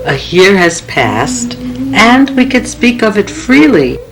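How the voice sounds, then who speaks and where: A woman's voice: mid-range voice, very animated, slow, rough recording. A middle-aged woman performer speaking in a musical theater piece, with a wistful, lilting delivery. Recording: music playing behind.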